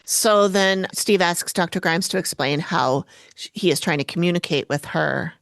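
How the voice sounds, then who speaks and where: A woman co-hosting a podcast, recapping a TV episode in casual chat and jumping in pitch when she quotes people. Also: moderate pace, gravelly, dry recording, studio quality. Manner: chatty, quotes people with sudden pitch jumps. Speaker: podcast co-host.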